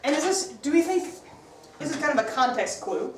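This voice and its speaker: A woman teaching an English class, brisk and upbeat as she quizzes her students. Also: high voice, very animated, crowd noise. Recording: echoey classroom from far off.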